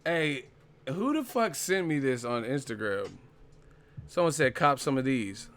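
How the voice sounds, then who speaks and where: A man's voice: medium pitch, sing-song, measured pace, fairly bright tone. Profane laughing man on a live stream. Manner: profane, giggly, keeps breaking into laughter. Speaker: boxing channel host.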